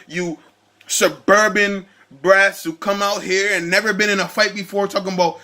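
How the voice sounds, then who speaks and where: A man vlogging a heated, animated rant about a basketball game. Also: high-pitched, normal speed. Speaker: sports vlogger. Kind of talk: casual sports rant.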